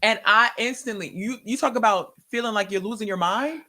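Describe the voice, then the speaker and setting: A woman's voice: fairly high pitch, fairly quick. Woman telling her story all emotional, acts out every line she quotes. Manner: animated, acts out her own and others' words in quotes. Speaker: guest sharing a testimony. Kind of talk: emotional personal testimony.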